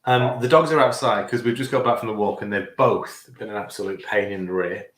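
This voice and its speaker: A man's voice: fairly low pitch, steady tone, fairly quick, a bit bright, reverberant, a little hiss or hum, poor audio. Chatty man cooking live. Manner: rambling, self-correcting, chatty. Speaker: host of a cooking livestream. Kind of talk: casual live cooking chat. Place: home kitchen.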